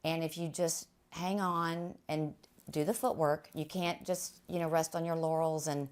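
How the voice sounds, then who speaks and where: A woman guest speaking earnestly about her faith on a talk show, halting, with many restarts. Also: sits low, fairly even intonation, smooth. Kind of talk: faith testimony interview.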